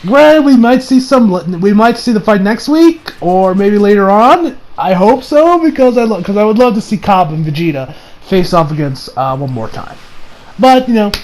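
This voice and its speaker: A man giving a casual, rambling episode review, excitable and laughing, who acts out the characters' lines in quick voices. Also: high-pitched, low-quality recording. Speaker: anime reviewer.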